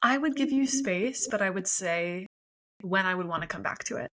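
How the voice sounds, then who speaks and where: A woman's voice: medium pitch, lively intonation, moderate pace, a bit bright, rough recording. A woman in her thirties, a marriage and family therapist, explaining things in a friendly way and laughing easily as a podcast guest. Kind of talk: podcast interview.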